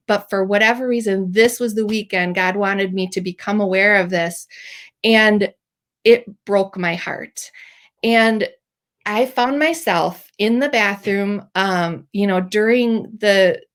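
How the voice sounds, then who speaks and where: A woman's voice: medium pitch, unhurried. A middle-aged woman telling a personal faith story as a podcast host, emotional and teary at times, with many fillers. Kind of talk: personal testimony.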